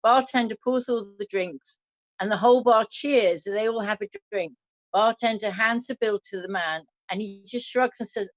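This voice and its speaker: A woman's voice: mid-range voice, normal speed, no echo. A woman hosting an online café show, chatting and reading listener jokes aloud with small slips. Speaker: host telling listener jokes. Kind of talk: casual chat, reading out jokes. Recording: dull dry lo-fi sound.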